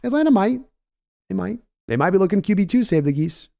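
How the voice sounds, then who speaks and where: A man with a somewhat high yet warm, mellow voice hosts a live-stream sports show. He reads viewer comments aloud and answers them in loose, conversational chat, with folksy asides. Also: lively intonation, a little fast, vocal fry. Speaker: podcast host reading chat.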